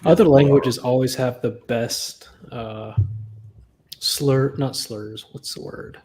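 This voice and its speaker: A man in a casual chat, relaxed and searching for his words. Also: mid-range voice, a little slow, slight background noise. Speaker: guest.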